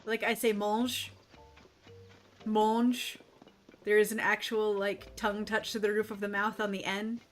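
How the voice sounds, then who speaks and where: A woman's voice: mid-range voice, completely flat delivery, fairly quick, few pauses, soft background music. A woman streamer chatting casually and rambling while she plays a game, laughing often. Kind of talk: casual chat while gaming.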